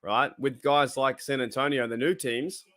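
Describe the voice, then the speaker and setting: An Australian man hosts a fan watch party, offering casual commentary on the game in a mid-range voice at a moderate pace. He's excitable, cheering and groaning as each play unfolds.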